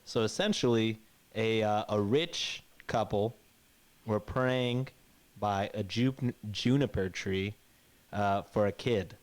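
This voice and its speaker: Low-voiced guy retelling a fairy tale, rambly and sweary, does little voices for the characters. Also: slow pace. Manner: rambling, profane, acts out the characters' lines. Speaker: podcast co-host. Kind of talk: casual storytelling chat.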